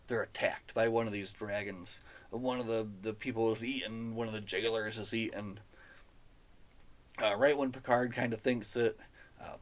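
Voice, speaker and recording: Chatty man recapping a novel. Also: medium pitch. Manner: enthusiastic, chatty, laughs at the story. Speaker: podcast host reviewing a novel. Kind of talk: casual book recap.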